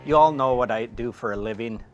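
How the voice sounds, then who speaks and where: A man playing a grizzled old shark hunter, speaking flat and slow with little energy. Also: mid-range voice, lo-fi sound, faint music behind, pitched below the performer's own voice, close to an everyday voice. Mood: deadpan.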